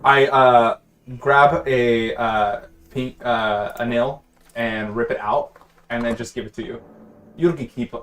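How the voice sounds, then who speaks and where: A man joking through his character's actions at a game table, hammy and playful. Soft background music runs under his voice. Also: mid-range voice, steady tone, takes it slowly. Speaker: player. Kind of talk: tabletop role-play.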